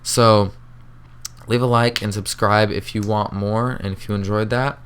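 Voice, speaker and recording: A teenage boy telling a story to his vlog camera. He talks in a laid-back, rambling way, swears casually and leans on fillers. His voice is low, smooth and clear. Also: fairly even intonation, measured pace, a bit bright. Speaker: vlogger.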